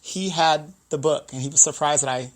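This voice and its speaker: A man in his forties, co-hosting a casual chat show, speaking in a measured, deliberate and outspoken way. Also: a little high. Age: 40s. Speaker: co-host.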